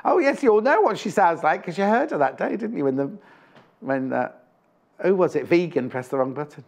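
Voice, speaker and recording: A man hosts a live home shopping broadcast from a TV studio, selling fabric in a chatty, teasing way. His voice sits a little high for a man, and he keeps up a running patter of prices and jokes. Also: expressive, a little fast, gravelly. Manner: chatty, jokey, teasing asides. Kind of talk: live TV sales chat.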